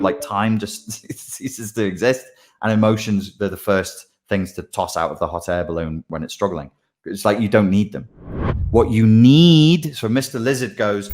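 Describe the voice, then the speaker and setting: A man, a life coach, explaining his ideas in a loose, animated livestream monologue full of asides. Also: lowish voice, normal speed.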